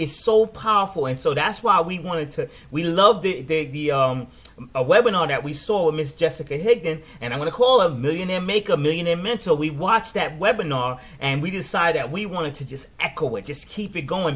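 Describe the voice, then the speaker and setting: A middle-aged man with a New York accent, giving a casual, animated business training talk and often restarting his words. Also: a little high, normal speed. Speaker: network marketing trainer.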